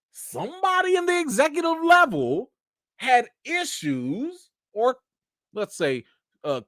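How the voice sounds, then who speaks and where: A young man hosting a live chat show, animated commentary with mocking asides and rising near-shouts. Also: high-pitched, dry recording, clean studio sound. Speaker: show host.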